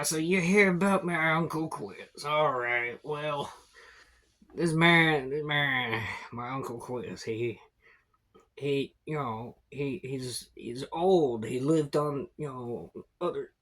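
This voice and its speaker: A man voicing an old, reclusive male goblin with a peg leg, in a loud, folksy drawl. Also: a little high, slow pace, poor audio. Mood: gruff.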